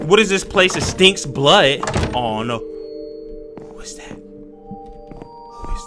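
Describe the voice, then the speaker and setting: Young man, horror gameplay commentary, excitable and slangy, swooping lively pitch, faint game music behind. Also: extremely slow. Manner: jumpy, excitable, slangy, talks to viewers. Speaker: gaming YouTuber.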